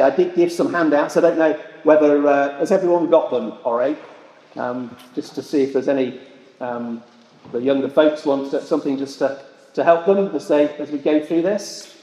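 Lively man preaching in an echoey church. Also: on the high side. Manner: conversational, asks the congregation rhetorical questions. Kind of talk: sermon. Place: church hall. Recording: echoey hall with long reverb.

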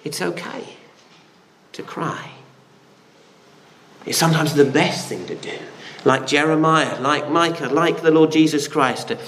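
A man's voice: a little high, a bit bright, a little hiss or hum. A man preaching a sermon, earnest, with rhetorical questions and frequent restarts. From Britain.

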